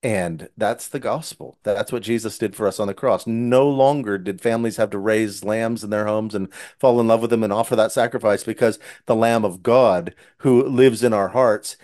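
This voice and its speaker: A man's voice: fairly low pitch, fairly even intonation, moderate pace, hardly any pauses, a little mellow. A man who writes Christian children's books, earnestly retelling one of his stories in casual conversation with frequent restarts. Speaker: Christian children's book author. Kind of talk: casual storytelling.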